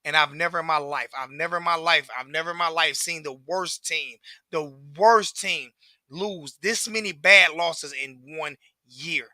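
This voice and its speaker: A man's voice: on the high side, normal speed, pushed and bright, no room sound, clean studio sound. A man, ranting profanely and repetitively as a sports fan commentator. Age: 40s.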